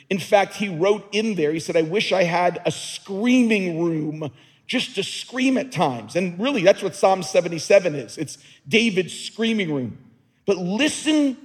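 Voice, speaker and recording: A man's voice: sits high, breathy edge. A man preaching a sermon as a pastor, earnest and emphatic, often repeating words as he builds a point. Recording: long reverb of a large hall.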